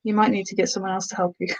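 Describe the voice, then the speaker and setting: A woman's voice: mid-range voice, level tone, fast, mellow, muffled recording. A woman from the Black Country, England, chatting casually on a live stream, answering viewers' comments and slipping into giantess role-play. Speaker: ASMR streamer.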